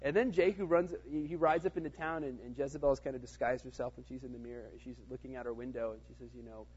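A man's voice: medium pitch, fairly even intonation, fast talker, a little mellow, husky, dull audio. A man teaching a casual Bible study in a conversational way, with fillers and frequent "right?" check-ins to his listeners.

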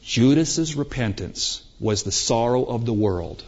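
A man's voice: medium pitch, animated, measured pace. Emphatic male preacher, muffled recording. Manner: emphatic, rising and falling for effect, rhetorical questions. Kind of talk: sermon. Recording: dull lo-fi recording.

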